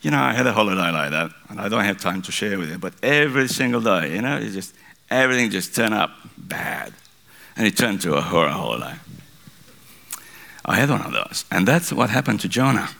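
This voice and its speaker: A male pastor preaching a sermon, telling a story in an animated way. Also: lowish voice, fairly quick, gravelly.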